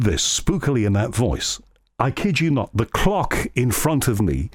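A man's voice: medium pitch, measured pace, slightly rough, no echo, studio quality. A man from England, a radio host, telling earnest stories in casual chat. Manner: storytelling, earnest, animated anecdotes.

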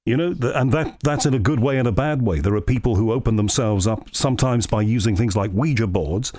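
A man's voice: mid-range voice, fairly quick, no echo. English radio guy telling a spooky story, earnest, dry close mic. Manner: storytelling, earnest, animated anecdotes. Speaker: radio host. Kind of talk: casual chat.

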